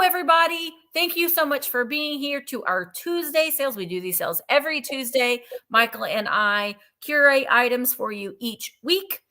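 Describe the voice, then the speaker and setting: A woman's voice: on the high side, pushed and bright. A woman hosting a live-streamed vintage sale, chatting in a bubbly way and greeting viewers one by one. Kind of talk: live-stream sales chat.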